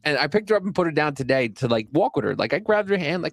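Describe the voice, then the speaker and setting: A man's voice: on the high side, sing-song, fast, few pauses, dry recording, clean studio sound. Profane rambling man on a podcast. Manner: swears a lot, rambling storyteller. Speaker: podcast co-host. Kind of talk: casual podcast chat.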